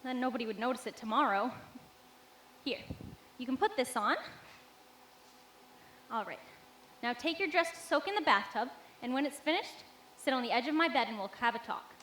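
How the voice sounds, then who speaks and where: A teenage girl acting a gentle, caring young governess on a school stage, speaking softly and singing a bright yodeling song. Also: high-pitched, expressive, normal speed, long pauses, slight background noise. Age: teens. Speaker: student actor. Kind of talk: stage musical performance. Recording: echoey auditorium with live musical accompaniment.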